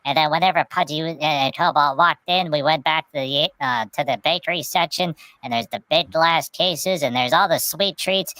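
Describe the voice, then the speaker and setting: A woman with a fairly low voice tells a long, rambling story in relaxed podcast chat. She stumbles into repeated "and, and" restarts, and the sound is dry and close to the mic. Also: dry recording. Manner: repeats words, halting "and, and" restarts. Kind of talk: casual chat, rambling anecdote.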